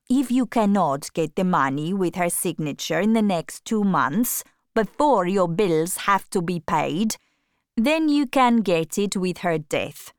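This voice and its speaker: A sly count, read by a woman, an older man who coaxes and schemes in a soft, deliberate way. The voice sits low and unhurried, slow and even, like a storybook villain murmuring his plan. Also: vocal fry, no echo, clean studio sound, heavily acted. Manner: quiet, coaxing, deliberate.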